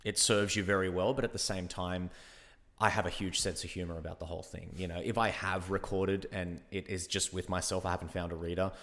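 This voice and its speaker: An Australian man, an actor, chatting as a guest in a casual interview and telling stories about himself with lively, self-mocking humor. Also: sits low, brisk. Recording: echoey reverberant room.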